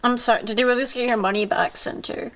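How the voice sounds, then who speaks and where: A woman's voice: on the high side, steady tone, fast, fairly bright tone. Stuffy, rambling woman streamer. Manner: rambling, playful, swears a lot. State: congested from a cold. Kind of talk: casual chat.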